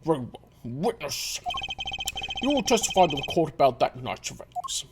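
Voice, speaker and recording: A man's voice: fairly high pitch, very animated, noisy background. A man voicing a stern older courtroom judge who speaks formally. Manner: formal, measured.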